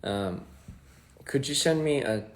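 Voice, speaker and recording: A man's voice: medium pitch, animated, takes it slowly. A man chatting casually on a phone livestream, reading fan comments and rambling as he trails off between thoughts. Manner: rambling, trails off, soft-spoken asides.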